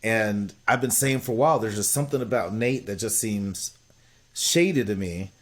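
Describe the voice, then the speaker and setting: A man's voice: lowish voice, lively intonation, moderate pace. An American man co-hosting a podcast, giving blunt, opinionated takes in casual chat. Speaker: podcast co-host.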